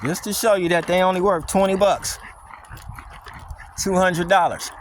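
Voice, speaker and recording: Mocking high-voiced man ranting outdoors. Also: steady tone, moderate pace, slight background noise. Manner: blunt, mocking, slangy rant. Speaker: dog vlogger. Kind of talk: casual walking vlog monologue. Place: outdoors on a windy wooded walk.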